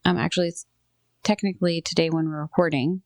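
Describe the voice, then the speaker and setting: A woman in her thirties co-hosting a podcast, telling stories casually, quickly and with frequent giggles. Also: fairly low pitch, fairly even intonation, no room sound. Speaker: podcast co-host. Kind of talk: casual chat.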